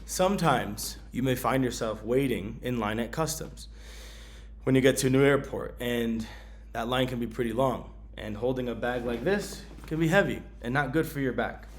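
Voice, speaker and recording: A man vlogging about his travel gear in a casual, slangy way, with many ums and bursts of excitement. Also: medium pitch, normal speed, slight background noise.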